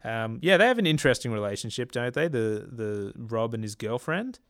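A man's voice: mid-range voice, sing-song, fairly quick, fairly bright tone, no echo, clean studio sound. A man in casual conversation, recapping a comedy film's scenes and acting out lines. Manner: retells scenes with quoted voices. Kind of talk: casual movie discussion.

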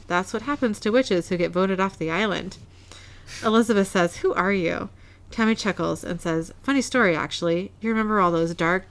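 A woman casually recapping a TV episode, narrating scenes and quoting characters' lines, often laughing. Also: medium pitch. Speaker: podcast co-host recapping an episode. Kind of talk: casual chat, reading scenes aloud.

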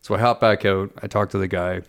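A man's voice: sits low, steady tone, fast talker. A man in his thirties, co-hosting a podcast and telling a long travel anecdote with rambling asides and self-corrections. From Canada. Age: 30s. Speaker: podcast co-host. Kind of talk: casual storytelling.

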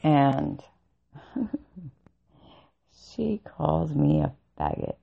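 A woman vlogging in a casual storytelling rant, blunt and full of profanity, laughing as she goes. Her voice is deeply gravelly and husky. She takes her time, and the recording sounds dull and lo-fi. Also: animated, very slow.

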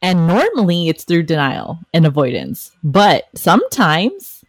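A woman's voice: lowish voice, huge pitch swings, measured pace, breathy edge, dry recording. A woman hosting a casual podcast conversation, talking animatedly and acting out quoted lines in other voices. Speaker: podcast host.

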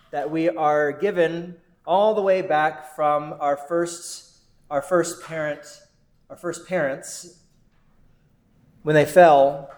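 Slow, earnest male preacher in echoey room. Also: on the high side. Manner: measured, earnest preaching with rhetorical "right?". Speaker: pastor. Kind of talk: sermon.

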